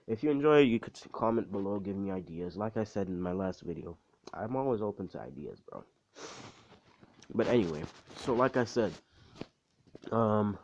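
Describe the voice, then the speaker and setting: A man's voice: lowish voice, a little mellow, lo-fi sound. A man casually retelling his own fan story in a loose, rambling way, full of slang and swearing. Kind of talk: casual spoken story recap.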